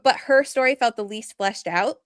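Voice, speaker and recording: A woman co-hosting a podcast in casual chat, animated and rambling with many fillers. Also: fairly high pitch, normal speed, dry recording, clean studio sound. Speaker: podcast co-host.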